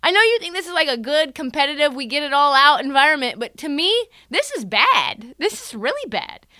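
A woman's voice: sits high, big pitch swings, moderate pace, bright, forceful tone, dry recording, studio quality. A woman ranting through sports commentary with a sarcastic, profane edge, acting out the people she quotes. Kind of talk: animated sports commentary rant.

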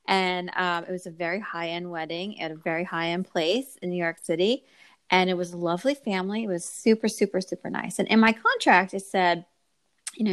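A woman wedding photographer telling a story in a casual podcast chat, animated and acting out the people she quotes. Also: lowish voice.

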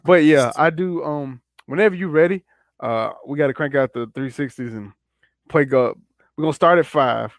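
A man's voice: on the high side, normal speed, creaky, no echo. A man co-hosting a podcast in laid-back casual chat, blunt, with dry jokes. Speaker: podcast co-host.

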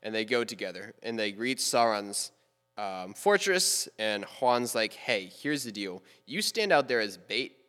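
A young man with a lowish voice tells a story in a loose, joking way, putting on the lines of each character as he goes. The room adds a long reverb tail. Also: very animated, a little slow, bright, forceful tone. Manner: rambling, playful retelling with quoted asides. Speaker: podcast co-host. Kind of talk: casual storytelling chat.

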